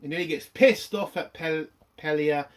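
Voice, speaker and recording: A young British man with a British accent talks through a TV episode in a loose, ranting way. He swears often and leans on fillers as he goes. His voice sits a little higher than most men's. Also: normal speed, slight background noise. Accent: British English. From Britain. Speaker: TV review host. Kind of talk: casual spoken review.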